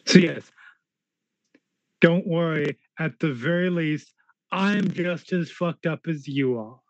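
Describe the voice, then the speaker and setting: A man's voice: a little high, measured pace, no room sound, lo-fi sound. A man playing his character in a tabletop role-play game, talking in a rambling way and swearing freely.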